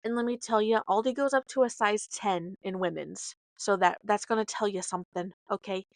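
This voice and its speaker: A woman's voice: medium pitch, normal speed, no room sound. A woman hosting a podcast, telling a story in a casual, rambling way with side notes and self-corrections. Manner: dramatic, acts out quoted dialogue. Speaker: podcast host.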